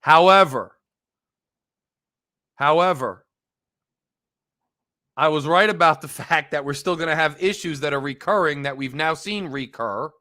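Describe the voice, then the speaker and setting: Male fan-show host, bright forceful tone, emphatic and wry ranter. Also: a little high, fairly quick, few pauses. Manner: emphatic, wry, repetitive ranting. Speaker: sports podcast host. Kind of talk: casual fan rant.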